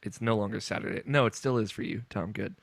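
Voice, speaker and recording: A man's voice: lowish voice, fast, gravelly, slight background noise. A young man hosting a casual group podcast, rambling with fillers and laughing often. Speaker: podcast host.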